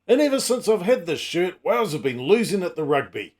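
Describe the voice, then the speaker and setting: A man's voice: sits high, very animated, brisk, music in the background. A middle-aged man hosting a casual comedy vlog, full of wry, self-mocking asides and teasing jokes. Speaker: channel host.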